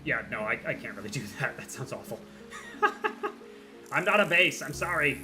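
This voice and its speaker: Baritone guy rambling while he streams a game, game music playing behind him. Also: animated, fast. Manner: rambling, self-deprecating, playful. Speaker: livestream game player. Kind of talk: casual chat while gaming.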